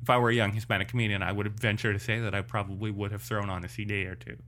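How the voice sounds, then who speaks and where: A man hosting a casual podcast in a bright, forceful voice. He asks probing questions and wanders through his own thoughts. His talk is loose and full of restarts. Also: fairly low pitch, little pitch movement, very fast. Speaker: podcast host.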